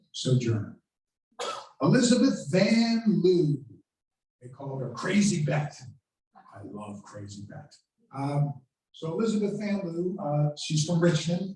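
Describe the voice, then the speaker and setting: A man's voice: a little high, mellow. A man giving a history lecture to a live audience, telling stories and acting out famous speeches with dramatic quotes. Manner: storytelling, dramatic quoting of speeches. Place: lecture room at a country club. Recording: very echoey room, voice from far off.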